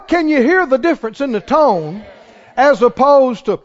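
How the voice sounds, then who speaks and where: A man's voice: extremely high pitch, big pitch swings, normal speed. A man preaching a sermon as pastor, folksy and emphatic, building to exhortation, recorded in a church sanctuary. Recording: dull, reverberant church hall recording.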